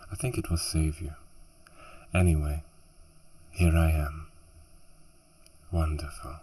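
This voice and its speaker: A man's voice: rumbling low, flat delivery, slow, warm tone, husky, poor audio. A man reading a fantasy audiobook who keeps stumbling, restarting lines and joking to himself between passages. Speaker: audiobook narrator. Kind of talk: audiobook outtakes with rambling asides.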